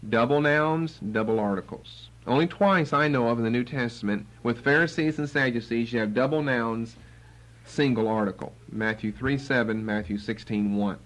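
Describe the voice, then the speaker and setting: A man's voice: mid-range voice, normal speed, low-quality recording. A man teaching the Bible verse by verse, acting out the quotes with sarcasm. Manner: animated, acts out quotes with sarcasm.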